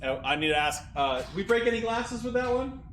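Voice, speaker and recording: A man's voice: very high-pitched, big pitch swings, a little fast, a bit bright. A man hosting a casual trivia game, reading out questions and answers and trading teasing banter with his co-host. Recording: echoey room with faint background noise.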